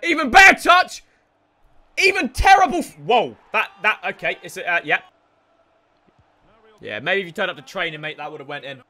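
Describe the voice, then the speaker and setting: Excitable sweary young man. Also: sits high, a little fast, pauses often. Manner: excitable, sweary, shouts at players. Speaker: gaming streamer. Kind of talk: live gameplay commentary.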